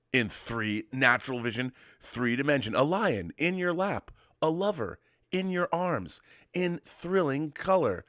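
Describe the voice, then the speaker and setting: Low-voiced, chatty man co-hosting. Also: a bit bright, dry recording, studio quality. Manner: enthusiastic, rambling, many restarts. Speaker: co-host of a weekly show about physical media. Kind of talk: casual chat. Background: dog at his feet.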